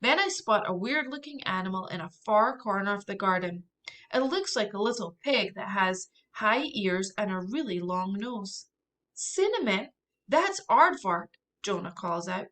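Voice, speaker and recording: A woman narrating a children's chapter book in a lively, expressive way with soft asides. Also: mid-range voice. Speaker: audiobook reader.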